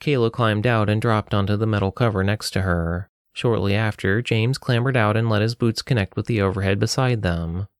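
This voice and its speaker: Guy reading a novel aloud, kinda low voice, even and steady, no room echo. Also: normal speed, hardly any pauses, clean studio sound. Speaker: audiobook narrator. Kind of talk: scripted narration.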